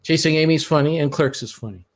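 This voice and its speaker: A podcast host with a fairly high-pitched voice talks fast. He chats casually, offering blunt, rambling opinions.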